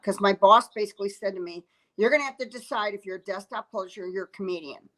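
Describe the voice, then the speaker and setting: A woman's voice: mid-range voice, fast talker, a bit bright, rough recording. A woman, a comedian telling a story in a casual chat, acting out quotes and laughing often. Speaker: comedian guest.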